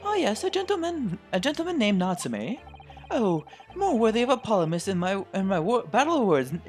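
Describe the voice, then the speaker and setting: A man's voice: sits high, big pitch swings, fairly quick, pitched above the performer's own voice. A man voicing a theatrical male lodger in a game who speaks in archaic, declaiming verse. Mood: grandiose. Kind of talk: fan voice-over of a game. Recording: faint music behind.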